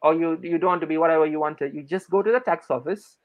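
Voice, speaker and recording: A man from Malaysia in his thirties, a native Malay speaker, telling a personal story in an interview, animated and acting out the dialogue. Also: on the high side, fast, narrow, tinny audio. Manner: animated, acts out quoted dialogue, frequent restarts. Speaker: interview guest. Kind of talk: conversational storytelling.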